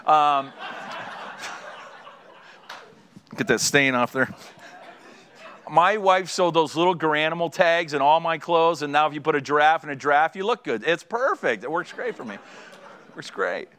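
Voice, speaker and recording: A man's voice: a little high, a little slow, pauses often. A middle-aged man preaching a sermon as a pastor, telling stories with humor and acting out conversations. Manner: animated storytelling, acting out conversations; joking, draws audience laughter.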